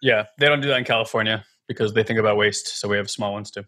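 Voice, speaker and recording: A man in casual chat, relaxed and reflective, speaking with fillers. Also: fairly low pitch, fast.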